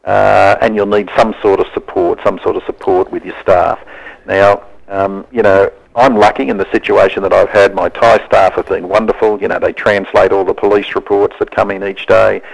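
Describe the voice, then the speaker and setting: A man's voice: fairly low pitch, level tone, normal speed, creaky. A man being interviewed live on radio over a phone line, earnest and plain-spoken as he gives advice. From Australia. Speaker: interview guest, honorary consul.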